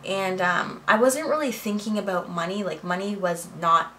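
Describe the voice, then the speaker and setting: A young adult woman talks her way through a storytime vlog in a lively, chatty manner, acting out the back-and-forth as she goes. Her voice is bright and forward. She records at home in her office, with a faint room hum underneath. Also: medium pitch, moderate pace, rough recording. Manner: animated, chatty retelling with quoted dialogue. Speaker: vlogger.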